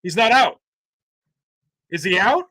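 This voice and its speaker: A man co-hosting a live wrestling watchalong, giving excited play-by-play and swearing freely. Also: high voice, slow. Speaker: watchalong co-host. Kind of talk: live reaction commentary.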